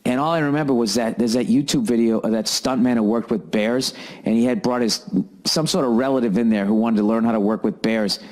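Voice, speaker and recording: A male comedian rants through a story with constant swearing and animated delivery. His voice sits at an ordinary middle pitch for a man. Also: brisk. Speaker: comedian and podcast host. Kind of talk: profane comedic rant.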